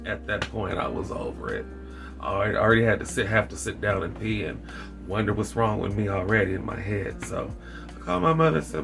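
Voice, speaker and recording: A man vlogging a candid personal story with wry dark humor, rambling and repeating his phrases. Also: on the low side, normal speed, creaky. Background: background music.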